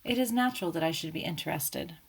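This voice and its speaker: An anxious young woman speaks breathlessly and hesitantly, voiced by a woman reading an audiobook. She sounds shy and nervous, in a low-set register. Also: animated, fast talker, slightly rough, heavily acted. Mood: anxious, pleading. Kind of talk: audiobook character voice.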